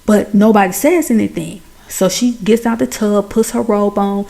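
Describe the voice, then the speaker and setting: A woman giving a chatty, animated recap of a TV drama, talking straight to her viewers. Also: medium pitch, normal speed, vocal fry. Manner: chatty, addresses viewers as y'all and baby; animated, exclaims over plot twists. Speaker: TV show recapper.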